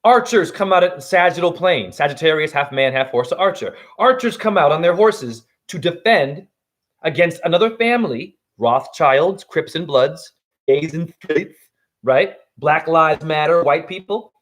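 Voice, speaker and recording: High-voiced guy going off in a swearing spiritual rant, voice jumping all over, loud then quiet. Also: animated, a little slow. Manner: heated, swearing, swings between loud and hushed. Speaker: spiritual vlogger. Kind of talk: profane ranting monologue.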